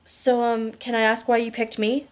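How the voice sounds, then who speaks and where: A woman's voice: on the high side, little pitch movement, close to an everyday voice. A woman doing a brash, sassy teenage girl. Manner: blunt, mocking, rapid-fire questions.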